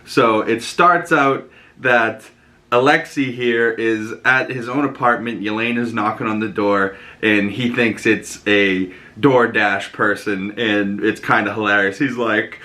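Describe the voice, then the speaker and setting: Bright, chatty low-voiced young man. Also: steady tone, measured pace. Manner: rambling, chatty with many fillers. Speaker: host. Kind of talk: casual vlog commentary. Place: home.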